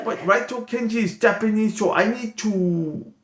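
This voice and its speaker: A man voicing a boastful, excitable lone-wolf character who is jealous of a rival and rants and brags. It is a comedy bit. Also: high-pitched, normal speed, natural voice. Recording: echoey room, loud background noise.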